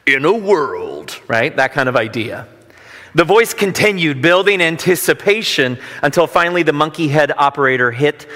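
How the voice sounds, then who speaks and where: With a slightly high, pushed and bright voice, a pastor mixes scripture with relaxed, self-deprecating anecdotes. His manner is conversational, and a long hall reverb hangs on the recording.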